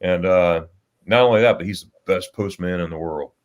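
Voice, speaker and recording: A man with a fairly low voice hosts a relaxed livestream chat. He rambles through stories, stopping and restarting with plenty of fillers. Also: moderate pace. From United States. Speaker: livestream host.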